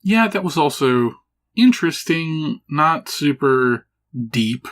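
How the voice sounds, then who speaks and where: A man's voice: a little high, big pitch swings, takes it slowly, fairly bright tone. A man co-hosting a podcast in casual chat, laid-back, laughing often and swearing casually. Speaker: podcast co-host. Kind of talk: casual chat about a video game.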